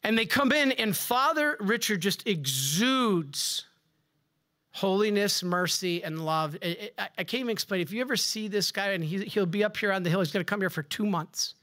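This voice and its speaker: This man's high-pitched voice sounds pushed and bright as he preaches a stirring sermon as a Catholic priest, rising with emphasis on important words and slipping in brief remarks to the people in the pews.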